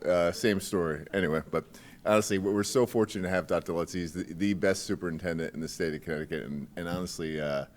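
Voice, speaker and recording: A man, a high school principal, telling a joking, animated story in a welcome speech. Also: brisk.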